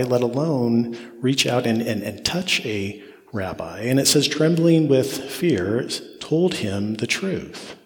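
A man's voice: mid-range voice, creaky. A man preaching an expository sermon, repeating phrases for emphasis as his intensity rises and falls. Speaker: pastor. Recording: long reverb of a large hall.

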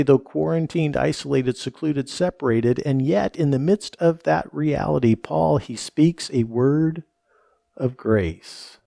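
A man's voice: a little high, vocal fry, mellow, dry recording, studio quality. A man preaching a reflective sermon, reading scripture aloud and repeating phrases for emphasis. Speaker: pastor.

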